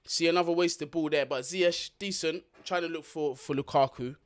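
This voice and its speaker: A man whose voice runs on the high side, at normal speed, hosts a football watch-along. He gives frank, slangy play-by-play, swears without restraint, and talks directly to viewers.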